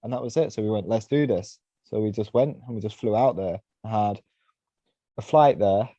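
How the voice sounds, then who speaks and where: A man spins a loose, rambling story as a podcast guest, forever tossing in "you know" and "right?". His voice is dark and mellow, and it sits close and dry on a slightly dull, lo-fi recording. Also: lowish voice, normal speed, dry recording. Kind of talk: casual storytelling.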